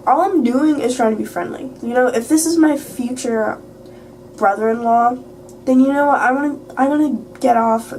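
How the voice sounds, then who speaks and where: A woman's voice: sits high, normal speed, darkish tone. A teenage girl vlogging at home, telling a rambling late-night story full of fillers and swearing. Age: teens. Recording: distant mic, faint background hiss.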